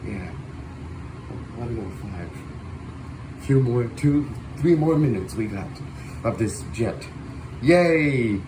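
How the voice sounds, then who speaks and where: A man hosting a livestream, calling a virtual air show in playful announcer style with loud whoops. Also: medium pitch, expressive, slow, heavy background noise. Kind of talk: playful air show commentary over a flight sim stream.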